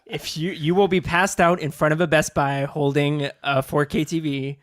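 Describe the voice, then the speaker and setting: A man's voice: fairly high pitch, flat delivery, moderate pace, no room sound. A man co-hosting a podcast, reacting with wry jokes and frequent laughter in casual chat. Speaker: podcast co-host.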